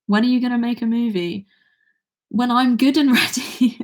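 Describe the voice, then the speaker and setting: A woman's voice: fairly high pitch, fairly even intonation, normal speed. A nineteen-year-old woman with an English accent, chatting casually on a livestream and reading viewer comments aloud between songs.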